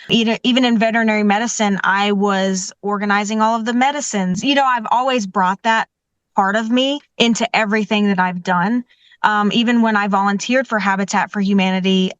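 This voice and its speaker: A woman's voice: medium pitch, clear, resonant tone, dry recording. Enthusiastic woman telling stories, dry sound. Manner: enthusiastic, warm storytelling with many "you know"s. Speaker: professional organizer, guest. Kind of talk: conversational interview answers.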